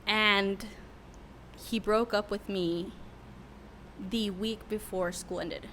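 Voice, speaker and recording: A woman's voice: mid-range voice, steady tone, slow, a bit bright, a little hiss or hum. A young adult woman, a worship leader who is a podcast guest, telling a candid, emotional story with many fillers in a casual interview.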